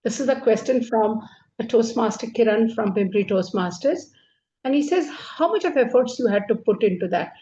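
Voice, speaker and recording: Mellow woman hosting over muffled call. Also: on the high side, lively intonation, moderate pace, slight background noise. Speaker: interview host. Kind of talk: online interview questions. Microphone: video call.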